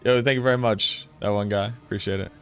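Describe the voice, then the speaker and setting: Low-voiced man with a Boston accent. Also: steady tone, quick pace, fairly bright tone, smooth, soft background music. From North Shore of Boston, USA. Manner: rambling, chatty, lots of "like". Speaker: game streamer. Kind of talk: casual stream chat.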